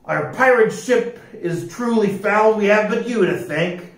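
A bossy, gruff pirate captain barks loud orders, as a man acts him out. His storybook lines come raised and forceful. The room echoes and the mic sits far off. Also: high voice, a little slow, voice pushed up. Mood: angry.

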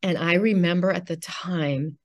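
A woman's voice: lowish voice, steady tone, a little slow, darkish tone, highs cut off. A woman guest on a podcast, telling a personal story in an earnest, emotional way. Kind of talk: conversational interview.

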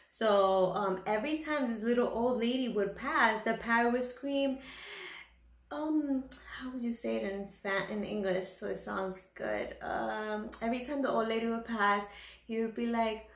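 A woman with a fairly high voice chats casually to her camera, rambling and filling pauses with "um". Her voice rings in a roomy, echoey space. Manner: rambling, many fillers, laughs at own jokes. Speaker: channel host. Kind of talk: casual vlog chat.

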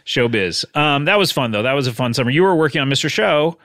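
A man's voice: medium pitch, fast, no echo, studio quality. A middle-aged man hosting a podcast, telling stories in casual chat and chuckling often. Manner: animated, chuckling storyteller. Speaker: podcast host.

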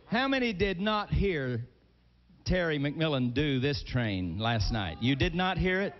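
A man's voice: a little high, very animated, unhurried, a faint crowd. A man hosting a live gospel TV show, folksy and upbeat, calling out to guests and the audience. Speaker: TV show host. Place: large theater with live audience. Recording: dull old broadcast audio in a reverberant hall.

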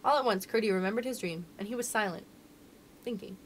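A woman librarian reading a children's storybook aloud in an expressive, sing-song storyteller manner. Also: mid-range voice, fast talker, a little hiss or hum.

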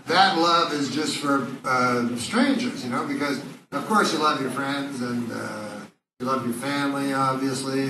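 A man doing stand-up comedy, deadpan and rambling, with hesitant fillers. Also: medium pitch, noisy background. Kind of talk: stand-up routine. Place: comedy club. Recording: bootleg club recording from far off, echoey with loud crowd. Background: audience laughter.

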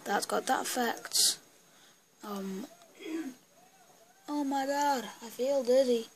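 A woman's voice: fairly high pitch, slow pace, a crowd in the background. A woman casually talking through a screen-recorded tutorial on a built-in computer mic. She clowns around and mutters to herself as she clicks. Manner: goofy, clowning, muttering asides while clicking. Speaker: vlogger.

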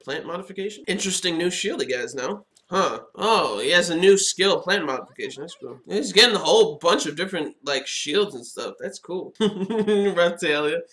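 A man giving casual, excitable reaction commentary while watching an anime, chatting and laughing as he goes. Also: sits high, normal speed.

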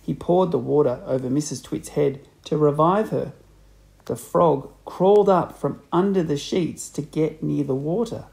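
A man reading a children's book aloud, with expressive, animated storybook narration. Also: a little high, a little slow, creaky, rough recording. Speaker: audiobook reader.

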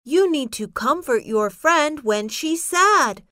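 A woman slowly reading short example sentences in a child's part, carefully enunciated. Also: sits high, lively intonation, sharp tone, no echo, clean studio sound. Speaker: narrator voicing a child's lines. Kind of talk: slow scripted phrase reading.

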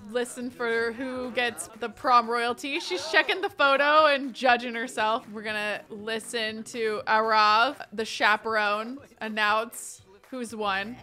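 A young woman talks through her life-sim game in a chatty, animated way, sometimes reading its text aloud. Her voice sits fairly high and sounds bright and forceful. Soft music plays quietly underneath. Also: slow. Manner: chatty and animated, jumping up high for excited squeals. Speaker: gaming streamer. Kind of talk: casual game commentary.

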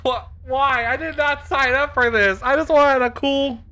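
A young woman streaming games live on a headset mic, excitable, laughing often and swearing freely. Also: high-pitched, unhurried. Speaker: game streamer. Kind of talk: live gameplay commentary.

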